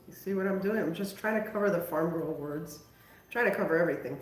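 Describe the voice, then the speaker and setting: A woman's voice: fairly low pitch, fast talker, echoey room, faint music behind. Chatty woman hosting a craft livestream. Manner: chatty, self-mocking, talks to viewers while working. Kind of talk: casual live craft stream chat.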